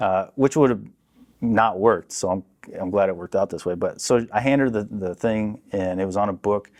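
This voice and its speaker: A man with a fairly low voice tells a long personal story as a podcast guest. He talks casually and acts out the people in his story with lively voices. He is recorded in a podcast studio. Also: moderate pace. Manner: animated, acts out quoted people.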